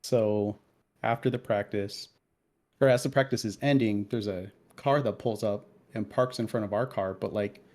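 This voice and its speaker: A man's voice: lowish voice, normal speed. A man in his thirties co-hosting a podcast, telling a story in casual chat with lots of swearing and heated asides. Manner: profane, animated storytelling. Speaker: podcast co-host.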